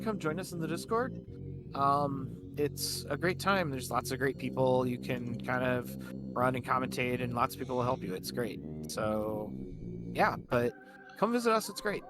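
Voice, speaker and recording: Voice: medium pitch, lively intonation, normal speed, over music. A co-commentator on a speedrun livestream giving closing thoughts, hesitant with many ums.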